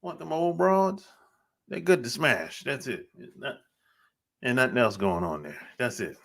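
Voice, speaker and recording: A man's voice: mid-range voice, lively intonation, vocal fry, fairly bright tone. A man hosting a podcast, talking bluntly in a casual monologue and laughing often. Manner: blunt, laughing often, drawn-out emphatic phrasing. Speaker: podcast host.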